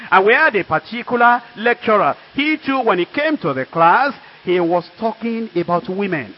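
A man's voice: sits high, animated, normal speed, slight background noise. An older man with a Nigerian accent, preaching and telling a testimony in an earnest, emphatic storytelling way. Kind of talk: sermon testimony. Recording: dull lo-fi recording.

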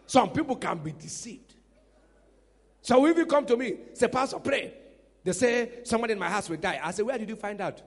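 A man preaching a sermon as pastor, animated, breaking into shouts and laughter. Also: sits high, fairly quick. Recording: reverberant hall with faint music.

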